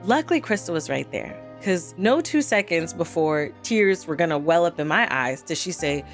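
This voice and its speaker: A woman vlogger in her thirties telling a lively, animated story in a casual chat, jumping high in pitch whenever she quotes people. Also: moderate pace, faint music behind.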